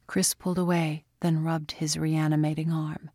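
Brief: female audiobook narrator, low-pitched, slow, dry studio sound. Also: completely flat delivery, a little mellow, no room sound. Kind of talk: scripted narration.

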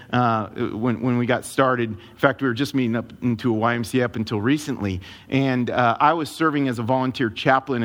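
A man preaching a sermon as a pastor, telling a personal story in an animated, emotional way. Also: mid-range voice.

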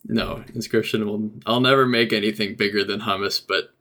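A man with a somewhat low, gravelly voice guests on a casual podcast. He speaks in a laid-back, self-deprecating way and laughs easily. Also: fairly even intonation, a little fast, pushed and bright. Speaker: guest, game developer. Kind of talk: casual chat.

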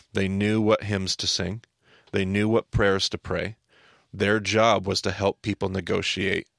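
Low gravelly man teaching the Bible. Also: no echo, studio quality. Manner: animated, explanatory, repeats words when starting a thought. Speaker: podcast teacher. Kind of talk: casual Bible teaching talk.

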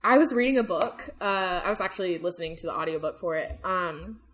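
A woman's voice: lowish voice, brisk, fairly bright tone. A young woman co-hosting a podcast, chatting casually with lots of fillers and swearing. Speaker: podcast co-host. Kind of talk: casual chat.

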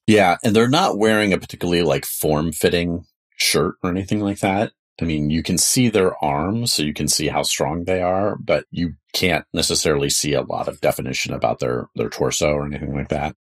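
Very deep-voiced male game master. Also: fairly quick. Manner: relaxed, descriptive, wry. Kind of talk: narrating a tabletop game.

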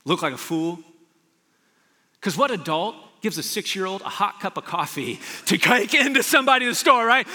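A man preaching a sermon as pastor, telling stories with animated energy. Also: high-pitched, normal speed. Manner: animated storytelling, shouts in retold scenes. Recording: long hall reverb.

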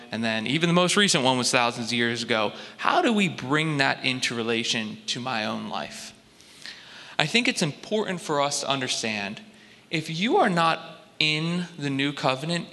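Bright-voiced man preaching in a reverberant hall. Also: mid-range voice. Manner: measured, explanatory preaching with deliberate pauses. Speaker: pastor. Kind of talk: sermon.

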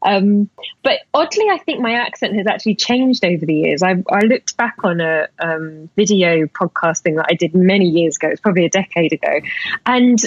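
A woman's voice: lowish voice, lively intonation, moderate pace, no room sound, lo-fi sound. A woman from Essex with a polished southern English accent, a podcast guest chatting with an easy laugh and a self-deprecating manner. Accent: southern English, elocution-trained. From Essex, England. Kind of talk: conversational interview.

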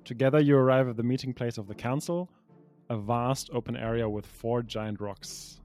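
Young man, game master, reading prepared narration, mid pitch, tabletop game. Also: steady tone, normal speed, darkish tone, faint music behind. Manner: reading pre-written narration, with small slips.

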